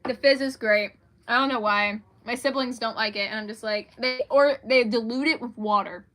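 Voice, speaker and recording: Young female author, livestream host; higher-pitched, bright tone, laughs a lot, chatty and self-deprecating. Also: normal speed. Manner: giggly, rambling, self-deprecating. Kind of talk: casual livestream chat.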